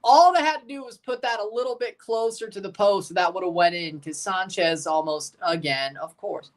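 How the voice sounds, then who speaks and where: A man's voice: high voice, moderate pace. A man hosting a live watchalong, chatting casually in a rambling, sarcastic way and swearing freely. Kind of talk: casual live reaction chat.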